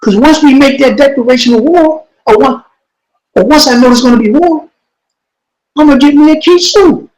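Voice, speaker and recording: A man telling a story in an interview, in street slang, often repeating himself and dropping to a low, quiet voice when he quotes someone. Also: normal speed, poor audio. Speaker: interview guest.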